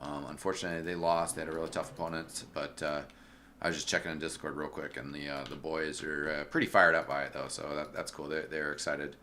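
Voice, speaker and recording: A man casually commenting on a video game match as a streamer, chatty and relaxed, full of fillers and greetings to viewers. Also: rumbling low, fast talker, slight background noise. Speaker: esports caster and streamer.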